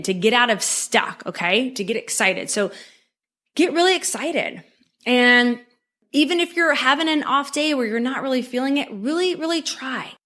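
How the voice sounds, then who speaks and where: A woman's voice: on the high side, fairly bright tone. Upbeat woman coaching her listeners. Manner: upbeat, encouraging, addresses listener directly with frequent "okay?". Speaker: podcast host. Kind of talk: motivational coaching talk.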